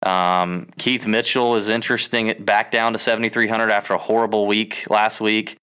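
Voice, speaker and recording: A man's voice: lowish voice, level tone, bright, forceful tone, smooth. A man co-hosting a podcast, casually running through lists and hedging his claims. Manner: lists names briskly, hedging with "I believe". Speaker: podcast co-host.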